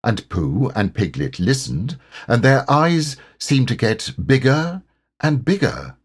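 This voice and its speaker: Slow, expressive male storybook narrator. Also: husky. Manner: slow, expressive, lively pitch. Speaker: audiobook narrator.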